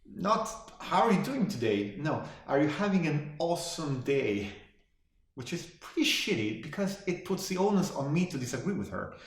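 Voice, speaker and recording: A man's voice: on the high side, a little fast, few pauses. A man playing BoJack, sardonic horse in echo. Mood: bitter. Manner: sardonic, deadpan, self-deprecating. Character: cynical washed-up male horse sitcom star, middle-aged. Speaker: actor performing a eulogy monologue. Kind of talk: comic monologue performance. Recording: very echoey room.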